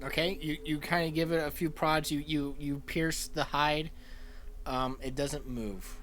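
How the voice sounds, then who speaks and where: A man running an online tabletop game as game master, narrating scenes in a halting way with frequent restarts. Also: a little high, fairly even intonation, a bit bright.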